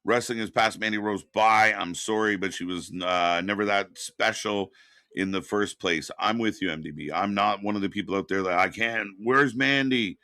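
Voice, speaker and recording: Guy ranting on a live stream, bright forceful voice, swears a lot, dry close sound. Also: fairly low pitch, moderate pace, no echo. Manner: profane, exasperated ranting, then calmer replies to chat. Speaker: live stream watch-party host. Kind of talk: live reaction commentary, reading chat.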